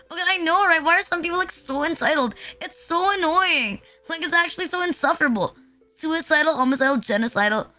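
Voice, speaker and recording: Bright high-voiced Filipina streamer rambling. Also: female voice, normal speed, soft background music. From Philippines. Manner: rambling, filler-heavy, self-deprecating. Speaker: VTuber streamer. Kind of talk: casual live-stream chat.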